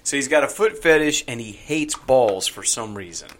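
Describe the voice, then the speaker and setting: A man with a lively, up-and-down voice, reacting with quick laughs and dry asides in casual chat. A faint noise sits behind him. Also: medium pitch.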